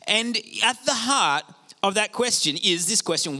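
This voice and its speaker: A middle-aged male pastor preaching a sermon in an animated, conversational way with self-deprecating asides. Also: sits high, unhurried.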